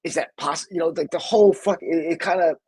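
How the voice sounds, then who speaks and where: A man's voice: on the high side, brisk, a little mellow, slightly rough, rough recording. A man hosting a podcast, talking in a rambling, profane, casual way. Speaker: podcast host.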